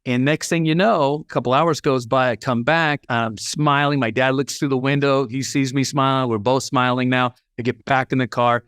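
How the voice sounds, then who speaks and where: A man of middle pitch telling a personal story as a podcast guest. He is animated and acts out each line of dialogue. The sound is dry and close to the mic. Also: normal speed, hardly any pauses, clean tone, dry recording.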